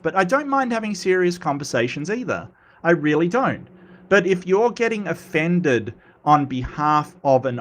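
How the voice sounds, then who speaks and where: Reading viewer chat out loud, a livestreamer with a fairly high-pitched male voice keeps up relaxed commentary, teasing and chatting, frequently repeating words and padding pauses with filler.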